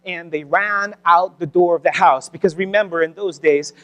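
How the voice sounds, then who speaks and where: A man's voice: high voice, normal speed, a bit bright, clean tone. A man preaching a sermon, telling a wartime story dramatically and dropping to near whispers at tense moments. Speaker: pastor. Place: church sanctuary.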